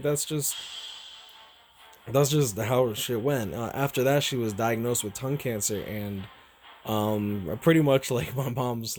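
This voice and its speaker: A young man talking casually to his viewers, rambling and repeating himself, swearing freely, halting and emotional. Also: mid-range voice, a little mellow. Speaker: streamer.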